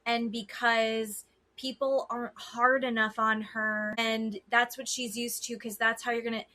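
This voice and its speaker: A woman's voice: fairly high pitch, level tone, a little slow, bright, forceful tone. A woman co-hosting a podcast, chatting casually and bluntly about a reality show, swearing freely. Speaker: podcast co-host. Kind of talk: casual chat recapping reality TV.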